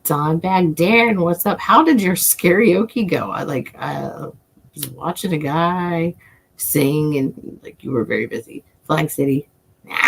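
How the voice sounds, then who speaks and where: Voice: mid-range voice, creaky, breathy edge. An adult livestream host and self-described coin nerd, chatting casually with viewers in a rambling way, swearing often and chuckling.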